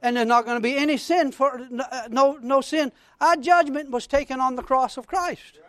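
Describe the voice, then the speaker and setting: A man preaching a fervent sermon in a strikingly high voice. He reads scripture with rising excitement and keeps calling out to his congregation for a response. The sound is dry and close, with no room echo. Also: moderate pace. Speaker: pastor.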